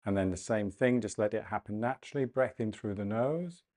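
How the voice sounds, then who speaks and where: A man leading a guided breathing and mobility class, cueing calmly and gently, often slowing down and repeating phrases. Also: lowish voice. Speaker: movement and breathwork instructor. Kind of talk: guided exercise class instruction.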